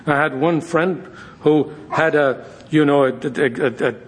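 A man teaching a Bible study in a lively, high voice. He tells stories, jokes with his listeners and keeps things informal. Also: a little slow. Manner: animated, jokey, addresses listeners as guys. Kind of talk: informal sermon with storytelling.

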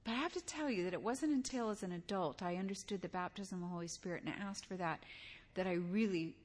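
A woman's voice: on the low side, fast talker. An older woman preaching a sermon in a conversational way, weaving in personal stories and asking her listeners direct questions.

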